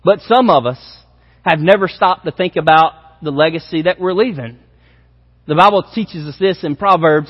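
A man's voice: on the high side, moderate pace. A man preaching a sermon as pastor, speaking directly and emphatically to his congregation. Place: church auditorium. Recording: dull sound with long hall reverb.

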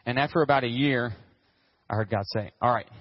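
Animated male pastor telling a story. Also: mid-range voice, fairly quick, slightly rough, dry recording, dull audio. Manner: animated, acts out quotes, whoops with excitement. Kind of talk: storytelling sermon.

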